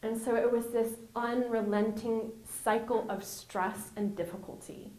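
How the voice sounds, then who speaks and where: A woman's voice: on the high side, fairly even intonation, a little slow, mellow. A woman being interviewed, telling her personal story in an earnest, conversational way and laughing often. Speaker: interview guest. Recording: roomy echo.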